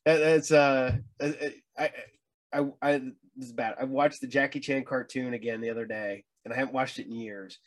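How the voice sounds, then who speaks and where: A man's voice: mid-range voice, steady tone, moderate pace. A middle-aged man hosting a casual chat, stammering and restarting as he tells stories and acts out what people said. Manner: chatty storyteller, stammers and restarts, acts out quoted voices. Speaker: host.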